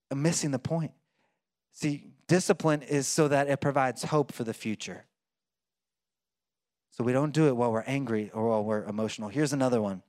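Male pastor, relaxed talky preaching style, dry recording. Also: medium pitch, no echo. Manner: conversational preaching with fillers and restarts. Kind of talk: sermon.

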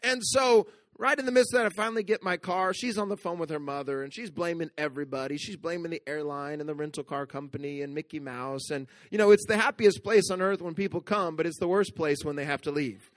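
A man preaching a sermon. He tells a story with playful asides and drops to a soft, hushed voice for the tender moments. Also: a little high, fast, few pauses, no room sound. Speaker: pastor.

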